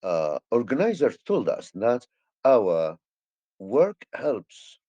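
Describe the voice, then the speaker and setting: A man's voice: medium pitch, huge pitch swings, slow pace, mellow, dry recording, lo-fi sound. A male English teacher with an Egyptian accent, a native Arabic speaker, explaining grammar hesitantly with many fillers and restarts.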